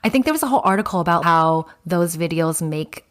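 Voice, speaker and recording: Thirties woman cohost, really lively up-and-down voice, laughs easily. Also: fairly low pitch, brisk. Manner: animated, encouraging, laughs easily. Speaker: podcast co-host. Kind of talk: casual chat.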